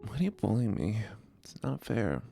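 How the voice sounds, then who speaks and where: A man's voice: fairly low pitch, wildly swooping pitch, moderate pace, gravelly, warm tone, soft background music, voice pushed up, full character voice. A man putting on a whiny, sulky, complaining voice for a livestream.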